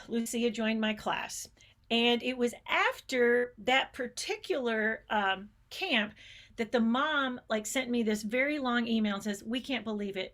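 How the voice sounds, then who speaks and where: A woman's voice: fairly high pitch, a bit bright. A middle-aged woman giving a conference keynote, telling stories with enthusiasm and changing pace often. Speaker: keynote speaker, space educator. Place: conference stage.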